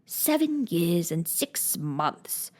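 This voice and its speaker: A haughty, self-important egg man perched on a wall, read by a woman drawls every word slowly and lectures as though each remark were a grand pronouncement. his tone is lofty and prickly, like someone easily offended, and he sounds far from the mic. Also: mid-range voice, animated. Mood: pompous.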